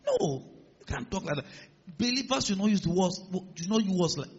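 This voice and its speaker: A man preaching with a high, husky voice that leaps up and down in pitch as he pushes his points. His words ring out with a long reverb in a large church hall. The recording sounds a little muffled. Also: lively intonation, moderate pace. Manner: emphatic preaching, rising to loud declarations. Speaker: pastor. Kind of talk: sermon.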